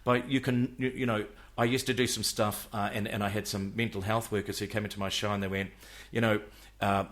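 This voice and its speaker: A man's voice: fairly low pitch, level tone, fairly quick, hardly any pauses, background noise. A middle-aged man, a comedian talking passionately on a podcast, often repeating words as he starts. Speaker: stand-up comedian guest. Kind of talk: casual podcast conversation.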